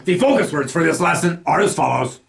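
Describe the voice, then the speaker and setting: A man narrating a scripted language lesson, reading example sentences slowly and with care. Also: a little high, lively intonation, vocal fry, echoey room. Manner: slow deliberate enunciation of example sentences. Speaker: language teacher.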